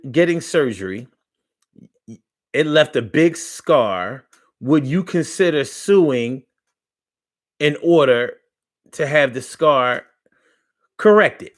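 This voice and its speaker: A man hosting a live online talk show in a mid-pitched voice. He speaks in a loose, playful way with features, looping back over his own phrases and chatting straight to his viewers. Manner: playful, repeats phrases, reads viewer comments aloud. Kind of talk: casual live-stream talk.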